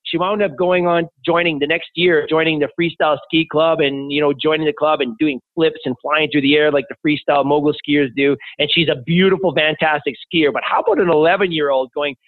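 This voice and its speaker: A man's voice: a little high, fairly even intonation, a little fast, hardly any pauses, dry recording. A man, a podcast guest, telling personal stories with enthusiasm. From Canada. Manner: enthusiastic anecdotal storyteller. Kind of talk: conversational interview. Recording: tinny phone-like remote line.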